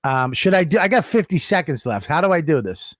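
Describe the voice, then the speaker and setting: Higher-voiced man, loose and profane. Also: big pitch swings, a little fast, no room sound, studio quality. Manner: loose, profane, laughing asides. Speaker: podcast co-host. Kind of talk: casual comedy podcast banter.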